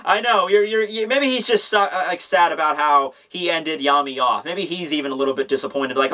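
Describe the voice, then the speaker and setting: A man's voice: on the high side, a little fast, few pauses, sharp tone. A man giving a casual comic manga review, rambling and sarcastic with plenty of filler.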